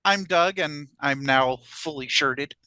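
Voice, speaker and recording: A man's voice: on the high side, slow, bright, forceful tone, clean tone, no echo. A man co-hosting a podcast in casual chat, hesitant and often stumbling over how he starts a sentence. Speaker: podcast co-host.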